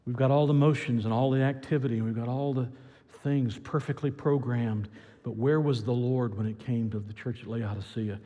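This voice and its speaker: A man preaching a sermon as pastor, swinging from loud excited build-ups to quiet earnest passages. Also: mid-range voice, normal speed, long reverb tail.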